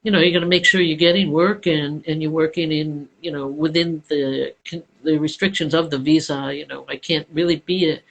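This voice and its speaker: An actor guest chatting casually on a live stream, relaxed and a little hesitant. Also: mid-range voice, brisk, creaky, few pauses, poor audio.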